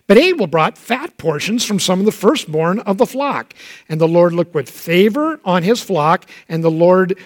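High-voiced man preaching a sermon. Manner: conversational preaching with dramatic voiced quotes. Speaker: pastor.

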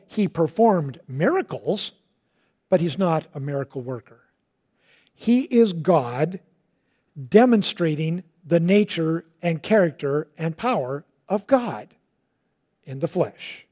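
A man preaching a sermon. He tells the story in a lively way, with casual asides, and swings from loud and emphatic to hushed and quiet. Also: high voice. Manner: colloquial asides.

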